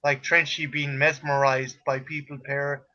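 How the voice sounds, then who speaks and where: A man's voice: medium pitch, flat delivery, unhurried, sharp tone, lo-fi sound. A man chatting casually on a stream, joking and rambling with stammered restarts. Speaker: co-host. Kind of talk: casual chat.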